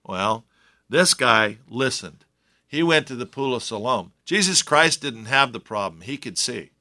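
A man's voice: mid-range voice, expressive, a little slow, bright, forceful tone. A man preaching a sermon in a conversational way, with joking asides to his listeners. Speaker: pastor.

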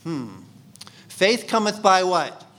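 A man's voice: sits high, expressive, slow, fairly bright tone. Conversational man teaching a sermon. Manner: conversational, asks the congregation questions. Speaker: Bible teacher.

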